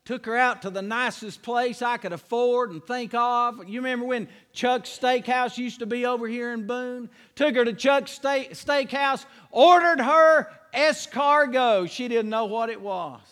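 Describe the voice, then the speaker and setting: Preacher, high-pitched male voice, homespun stories building to fervent preaching, reverberant hall. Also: unhurried, hardly any pauses, fairly bright tone, clean tone. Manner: folksy storytelling, rising to fervent preaching. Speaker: pastor. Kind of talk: sermon.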